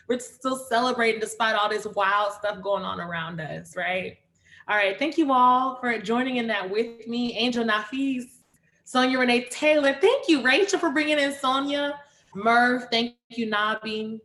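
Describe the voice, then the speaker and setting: Lively woman hosting a poetry reading. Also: fairly high pitch. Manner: lively, calls out names and cheers on the chat. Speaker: host of an online reading series.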